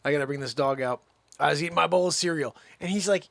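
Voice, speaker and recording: A man hosting a comic monologue, telling a story in an animated, exaggerated way. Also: a little high, fast, vocal fry, no room sound. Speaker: host.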